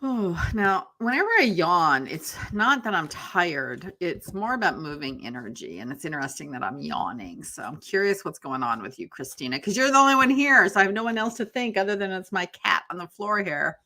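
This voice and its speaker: A woman with a lowish voice and wide pitch swings hosts a tarot live stream from her home office, speaking at a moderate pace with few pauses in a pushed, bright tone. She chats loosely and rambles, greets viewers by name, and yawns often.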